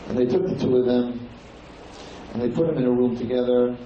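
A man's voice: medium pitch, steady tone, brisk, dark tone, slight background noise. A man giving a lecture on liturgy. He tells the story dramatically with quoted speech and chants some lines. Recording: very echoey room, distant mic, dull lo-fi sound.

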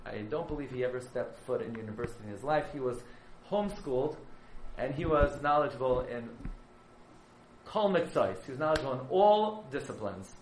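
A man's voice: mid-range voice, animated, brisk, echoey room, a little hiss or hum, rough recording. Dramatic male rabbi telling a story. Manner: dramatic storyteller, surging from hushed to loud. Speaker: yeshiva rabbi. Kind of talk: sermon storytelling.

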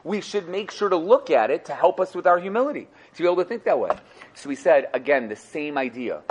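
A man's voice: fairly high pitch, lively intonation, fast talker, lo-fi sound, slight background noise. A man teaching a Torah class, explaining sources to students with rhetorical questions and repeated phrases. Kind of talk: lively explanatory class talk.

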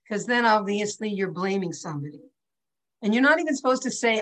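Over a rough recording, an older teacher leads an online class, her mid-range voice fairly quick with lively intonation. Her casual talk is chatty and rambling, full of asides.

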